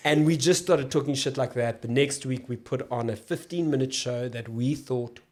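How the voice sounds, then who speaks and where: A man's voice: medium pitch, normal speed. A man, a guest in a podcast interview who tells long rambling stories and often breaks off mid-sentence. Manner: relaxed, rambling, self-interrupting. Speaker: podcast guest, actor and comedian. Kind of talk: casual storytelling chat.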